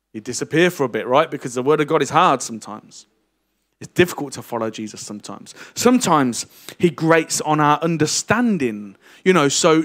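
A middle-aged man preaching a lively, jokey sermon and teasing his congregation. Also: on the high side. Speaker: pastor. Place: church hall.

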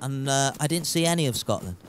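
A man's voice: medium pitch, animated, a little fast, a little hiss or hum. A man casually commentating his gameplay, rambling and joking as he chats with viewers. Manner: rambling, jokey, chatty with viewers. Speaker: game streamer.

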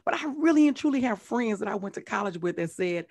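Brief: fiftyish woman host, mid-pitched, emphatic and chatty. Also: expressive, quick pace, darkish tone. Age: 50s. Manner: emphatic and personal, repeats "really and truly" and "right?". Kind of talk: casual interview chat.

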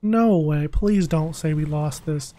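A young man streaming a video game, talking casually and excitably, pleading with the game and groaning dramatically over a loss. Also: fairly high pitch, slow. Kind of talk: casual live-stream commentary.

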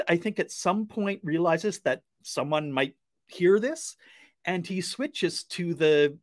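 Higher-voiced man, dry and hesitant. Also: no room sound. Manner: hesitant, hedging with fillers. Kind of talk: casual online panel discussion.

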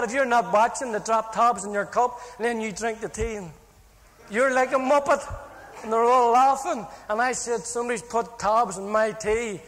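A man's voice: extremely high pitch, long reverb tail. A man with an Irish accent giving a comic testimony, full of jokes and punchlines. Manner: jokey, punchline-driven, animated.

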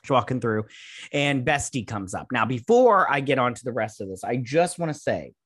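A man's voice: medium pitch, animated, moderate pace, a bit bright, husky, no room sound, clean studio sound. A man hosting a casual episode review, rambling and blunt with plenty of swearing. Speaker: show host reviewing a TV episode. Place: at home with a dog nearby.

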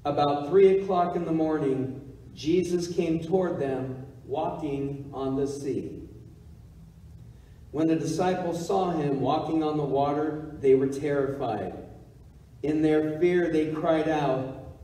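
Man reading scripture at mass, slow and dark-toned, distant mic in an echoey church. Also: on the high side. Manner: slow, measured proclamation. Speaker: deacon reading the gospel. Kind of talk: liturgical gospel reading. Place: church sanctuary.

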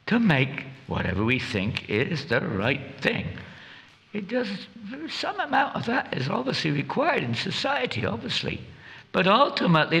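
A man's voice: fairly high pitch, gravelly, sharp tone. A man giving a scripture class at a temple, chatty and joking, who keeps asking his audience questions.

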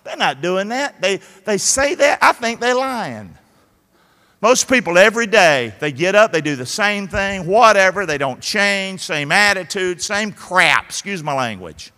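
A man's voice: high-pitched, lively intonation, a little slow, pushed and bright. A man preaching a sermon to a church congregation, exhorting them with call-and-response. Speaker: pastor. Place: large church auditorium. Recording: live church hall reverb.

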